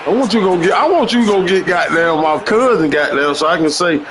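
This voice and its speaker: A man streaming a football video game, loudly trash-talking his online opponent with slang and profanity. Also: sits high, lively intonation, fast talker, a crowd in the background. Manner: loud, boastful trash talk with heavy slang and profanity. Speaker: gamer streamer.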